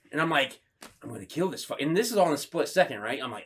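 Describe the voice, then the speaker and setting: A man co-hosting a casual podcast chat, swearing freely and acting out his own story with loud outbursts. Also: fairly high pitch, quick pace. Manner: animated storyteller, swears a lot, acts out his own lines loudly. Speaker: podcast co-host.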